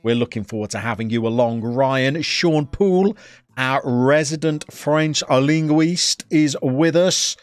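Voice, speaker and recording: Middle-aged guy hosting a live stream, jokey and chatty, mid pitch. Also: unhurried, smooth, dry recording. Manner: chatty, jokey, greets viewers by name. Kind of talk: casual live stream chat.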